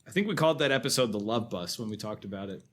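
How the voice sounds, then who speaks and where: A man's voice: lowish voice, lively intonation, very fast. A man co-hosting a film podcast, talking casually and chuckling as he recounts scenes. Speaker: podcast co-host.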